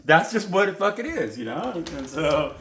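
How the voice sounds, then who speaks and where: A man's voice: on the high side, sing-song, moderate pace, a bit bright, a little hiss or hum. A man giving a casual, rambling tarot reading, heated and full of swearing. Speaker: tarot reader. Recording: roomy echo.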